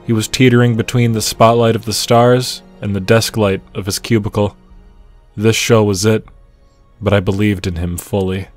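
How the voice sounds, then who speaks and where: A man narrating gameplay in a dry, mock-serious comedic tone. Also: on the low side. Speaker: narrator and game player.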